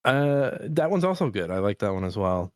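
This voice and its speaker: Man with a smooth voice chatting on a podcast. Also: fairly low pitch, sing-song, normal speed, dry recording, studio quality. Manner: swears freely and laughs while talking; rambling, many restarts and fillers. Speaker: podcast co-host. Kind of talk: casual chat.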